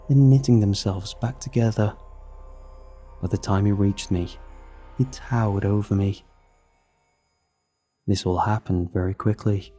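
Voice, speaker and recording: A man reading a horror story aloud in a measured, steady narration. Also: on the low side, slightly rough.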